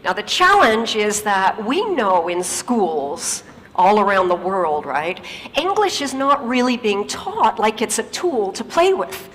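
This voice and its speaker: A woman's voice: mid-range voice, big pitch swings, unhurried, a bit bright, long reverb tail, rough recording. A woman giving a stage talk. She tells stories emphatically and uses rhetorical questions and repetition.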